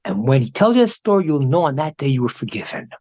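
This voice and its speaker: A man's voice: mid-range voice, big pitch swings, fast talker, darkish tone, highs cut off, pitched below the performer's own voice. A man voicing a wise old sage who gives firm instructions, in a told story.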